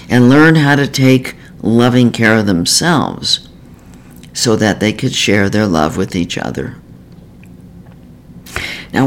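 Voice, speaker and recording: A man, a therapist, reading a self-help book in a measured, earnest and gentle way. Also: lowish voice, rough recording. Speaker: therapist author. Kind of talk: scripted self-help narration.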